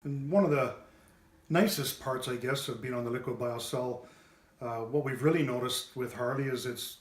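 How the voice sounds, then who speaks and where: A man tells his story in a plain, mid-pitched voice. He pauses often and restarts his sentences, filling the gaps with fillers. The room around him is bare and roomy, so his voice echoes. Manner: halting, with many fillers and restarts. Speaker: pet owner giving a testimonial. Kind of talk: unscripted testimonial. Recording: roomy echo.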